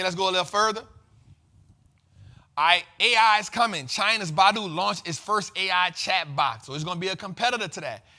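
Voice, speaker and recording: A man hosting a finance show, giving energetic market commentary in a slangy, emphatic way and repeating lines for effect. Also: sits high.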